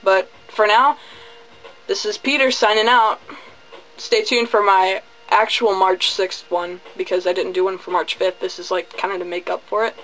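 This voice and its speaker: A man's voice: high voice, flat delivery, normal speed, pushed and bright, a little hiss or hum, poor audio. A man giving a casual spoken movie review, chatty, goofy and full of profanity. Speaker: video reviewer.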